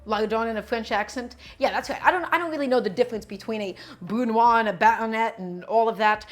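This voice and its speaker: A woman's voice: a little high, fast talker, soft background music. A woman streaming as she cooks, chatting casually, explaining her knife work and answering viewers' questions as she chops. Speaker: cooking streamer. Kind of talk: live-stream cooking chat.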